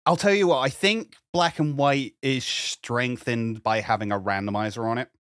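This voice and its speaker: A young man co-hosting a casual podcast, talking in a chatty, expressive way. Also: medium pitch, normal speed, clear, resonant tone, no echo, studio quality. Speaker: podcast co-host. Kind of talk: casual chat.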